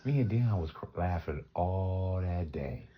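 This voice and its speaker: A man telling a funny story casually, animated, acting out the people in it and breaking into laughter. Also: low-pitched, slow, highs cut off. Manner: animated, loud laughs, acts out the voices.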